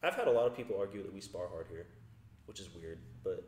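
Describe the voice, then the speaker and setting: A man's voice: deep voice, lively intonation, echoey room, noisy background. A man who fights and coaches, chatting casually in a podcast with a dry, joking manner. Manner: quick, laid-back, dry joking. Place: gym.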